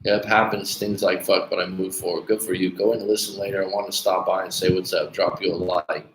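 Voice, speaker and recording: A low-voiced man with a flat delivery talks a little fast while hosting a dating coaching livestream. Reading viewer comments, he's blunt and casual, swears freely, and calls them dude, with echo and faint background noise in the room.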